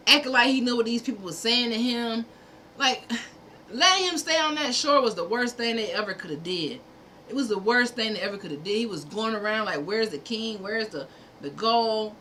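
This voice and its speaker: A woman speaks straight to her livestream viewers with fervent conviction. She builds her points through hammering repetition and drops in the odd curse. Her voice is bright and forceful and sits a little high, over a faint hiss. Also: brisk. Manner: preachy, fervent, profane, speaks in repeated punchy phrases. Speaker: livestream host. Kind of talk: impassioned livestream monologue.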